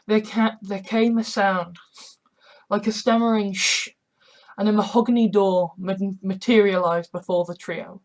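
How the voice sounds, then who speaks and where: A woman's voice: medium pitch, steady tone, measured pace, low-quality recording. A woman narrating an audiobook in a loose, casual reading with occasional stumbles and asides.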